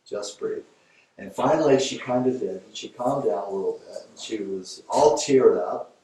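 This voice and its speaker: Male teacher, conversational storyteller, boomy echoing hall, picked up from a distance. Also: a little mellow. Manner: conversational, storytelling, fillers and restarts. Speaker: Thai yoga teacher. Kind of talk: informal lecture with a case story. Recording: very echoey room, voice from a distance.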